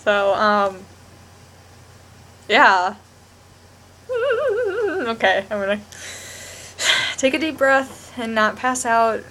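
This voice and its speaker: A woman's voice: fairly high pitch, pushed and bright, a little hiss or hum. A young woman vlogging a rambling, gushing TV review with lots of restarts. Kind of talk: casual chat to camera.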